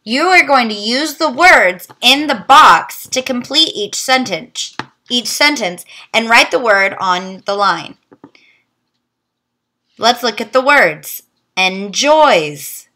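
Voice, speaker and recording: Young teacher lady sounding out words real slow, bright high-ish voice. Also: expressive. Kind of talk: virtual phonics lesson.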